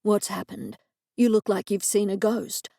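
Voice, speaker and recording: A woman voicing a male detective who speaks slowly, calmly and reasonably. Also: mid-range voice, vocal fry, dry recording, clean studio sound. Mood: soothing. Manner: slow, soothing, reasonable. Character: calm, unflappable male detective.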